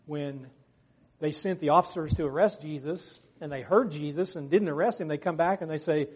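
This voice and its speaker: A man's voice: fairly high pitch, normal speed, a little mellow, slight background noise. A man leading a Bible study discussion, talking earnestly and raising his voice to act out quoted lines. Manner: earnest, acts out quotes with raised voice. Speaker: discussion leader.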